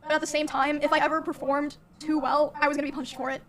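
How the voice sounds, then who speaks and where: Soft-spoken young woman with a high voice. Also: little pitch movement, a little hiss or hum. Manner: soft-spoken, halting, many fillers. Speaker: streamer. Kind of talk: recounting a personal story.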